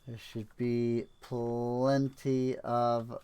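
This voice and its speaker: A man's voice: medium pitch, flat delivery, very slow, mellow, clear, resonant tone. A man streaming a game, musing and wry as he talks through his play with frequent fillers. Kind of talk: game commentary.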